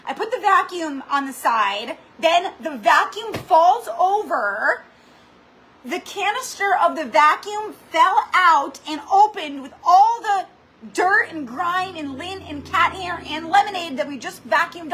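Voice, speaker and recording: A woman's voice: extremely high pitch, slow pace, slight background noise, rough recording. A woman hosting a craft livestream, chatting animatedly and dramatically, full of "like"s. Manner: animated, dramatic storytelling with lots of "like". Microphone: computer or camera mic for a live stream.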